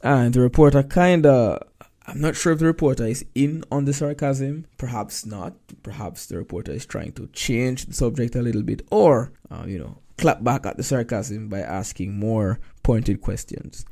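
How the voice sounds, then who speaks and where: A man's voice: medium pitch, normal speed, vocal fry, dark tone. A male teacher walking through exam answers, reading passages aloud and explaining them.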